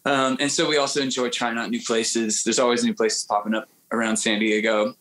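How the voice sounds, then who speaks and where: A man's voice: mid-range voice, flat delivery, fairly quick, a bit bright, poor audio. A man who is a guest singer-songwriter, telling stories in casual podcast chat with lots of restarts and fillers. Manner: rambling, hesitant storyteller with many restarts. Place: home area near the coast.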